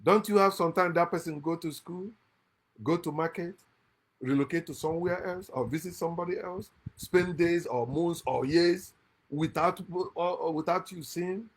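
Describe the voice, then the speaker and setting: A man from Nigeria, hosting an impassioned monologue, emphatic and lecturing, with loud outbursts, quiet asides and frequent laughter. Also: fairly high pitch, normal speed. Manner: laughs often mid-speech. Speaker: channel host. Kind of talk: impassioned monologue against religion. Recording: lives in America.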